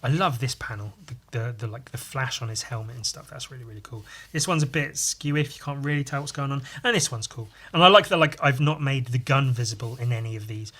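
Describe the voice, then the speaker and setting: A man's voice: medium pitch, fast, hardly any pauses, bright, forceful tone, slightly rough. A man hosting a podcast who rambles casually and enthusiastically about his own comic artwork, swearing freely. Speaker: comic artist and podcast host.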